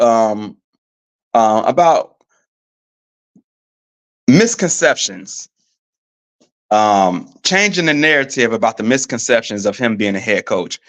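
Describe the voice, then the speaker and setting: A man hosting a live sports podcast, talking casually, with a slightly rough, coughing throat, pausing with frequent ums and asking viewers for their opinions. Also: mid-range voice, very animated. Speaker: podcast host. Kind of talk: casual live-show commentary. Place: staying abroad in Paris.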